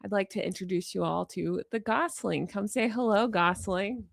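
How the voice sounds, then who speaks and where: A woman's voice: mid-range voice, normal speed, vocal fry, dry recording, studio quality. A woman hosting a casual commentary video, chatting wryly about a book and laughing between remarks. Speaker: commentary channel host.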